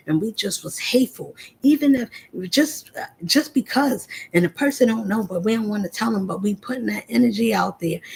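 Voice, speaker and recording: A woman's voice: medium pitch, gravelly, darkish tone, a little hiss or hum, rough recording. A woman, delivering an impassioned, confrontational spiritual monologue to an unseen listener. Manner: confrontational, preachy, addressing an unnamed listener directly. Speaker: spiritual vlogger.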